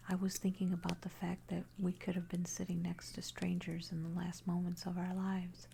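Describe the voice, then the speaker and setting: A woman narrating a first-person horror story in a hushed, unvoiced whisper throughout. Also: fairly low pitch, gravelly, a little hiss or hum.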